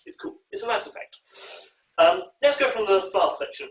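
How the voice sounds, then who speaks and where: This man, conducting a choir rehearsal online, sings and speaks short bits of music to show how phrases go, often stalling with ums and uhs. His high, very animated voice is a bit bright, heard via video call from far off in an echoey room.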